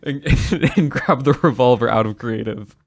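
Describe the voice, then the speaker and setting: A man doing a rough impression of a tipsy young Irish man with an Irish accent, making a playful threat and laughing through it. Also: mid-range voice, normal speed, close to an everyday voice. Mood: tipsy teasing.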